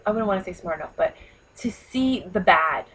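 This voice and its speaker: A woman in her thirties from New York, talking to camera in a chatty, animated way, full of "you know" and "like.". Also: fairly low pitch, normal speed, slight background noise, low-quality recording. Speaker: vlogger giving speaking advice. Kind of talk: casual talk to camera.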